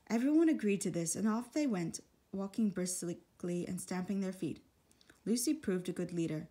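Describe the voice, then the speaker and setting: A woman reading a children's storybook aloud in a steady, measured way. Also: mid-range voice, breathy edge. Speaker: audiobook reader. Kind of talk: storybook narration.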